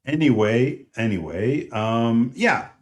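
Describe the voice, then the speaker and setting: A middle-aged man co-hosting a podcast in casual chat, blunt and loud, swearing constantly. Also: medium pitch, animated, slow pace. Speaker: podcast co-host.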